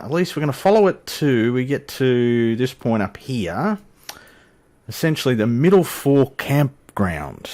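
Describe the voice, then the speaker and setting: Speaking with a medium-pitched, darkish voice, this Australian flight sim channel host keeps up casual, joking commentary over his gameplay. He's chatty and pokes fun at himself.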